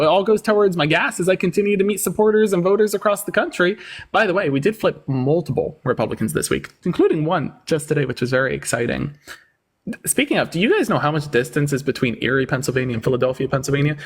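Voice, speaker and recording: A man hosting a livestream debate, sarcastic and mocking as he talks down to callers. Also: sits high.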